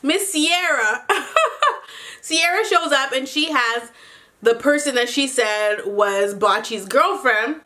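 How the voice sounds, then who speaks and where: A woman recaps reality TV drama in loose, excited vlog chatter, full of gossip, swearing and laughter. Her voice sits a little high and sounds bright and forceful. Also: slow pace. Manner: animated, gossipy, laughs often, profane. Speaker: TV recap vlogger.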